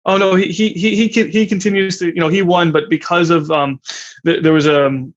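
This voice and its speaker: A man's voice: high-pitched, steady tone, a little fast, muffled recording. Hesitant man co-hosting a podcast. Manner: hesitant, full of ums and restarts. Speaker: podcast co-host. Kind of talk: casual podcast chat.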